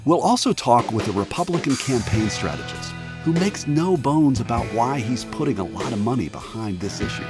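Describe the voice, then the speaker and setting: A man hosting a radio documentary podcast, delivering measured scripted narration. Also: mid-range voice, very animated, music in the background. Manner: measured narration, reacting warmly in conversation. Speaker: podcast host.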